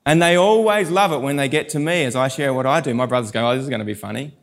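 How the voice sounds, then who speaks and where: A middle-aged pastor, preaching a sermon and telling stories with animated quoted voices. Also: male voice, mid-range voice, fast talker, gravelly.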